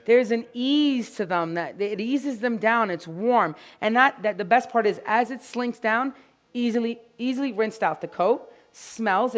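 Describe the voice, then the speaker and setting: A woman giving a lively, jokey live dog-grooming demonstration to an audience of groomers. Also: fairly high pitch. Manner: energetic, chatty, jokey.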